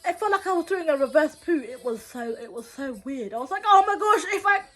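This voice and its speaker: A young woman, telling a story in a casual, slangy and animated way, acting out what people said. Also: high voice, brisk. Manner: animated, acts out quotes with loud bursts and laughter; slangy, repetitive phrasing. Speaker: vlogger.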